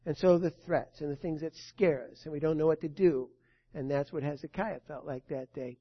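A male pastor preaching a sermon in an earnest way, moving between soft and emphatic. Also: fairly high pitch, normal speed, slightly rough. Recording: dull lo-fi recording.

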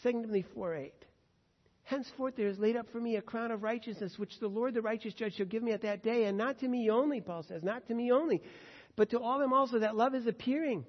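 A man preaching a sermon in an earnest way, swinging between loud emphasis and hushed tones. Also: extremely high pitch, quick pace. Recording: dull sound with long hall reverb.

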